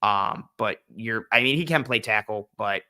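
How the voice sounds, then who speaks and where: A young man hosts a podcast, riffing casually on the football draft with lots of ums, restarts, and humming while he thinks. His voice sits lowish yet sounds strikingly bright, moving at a normal, smooth pace.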